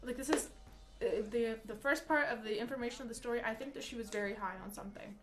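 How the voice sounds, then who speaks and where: A young woman livestreaming from home, telling a story in a chatty, animated way full of "like" while reading chat. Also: a little high, fast talker. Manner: chatty, animated, peppers speech with "like".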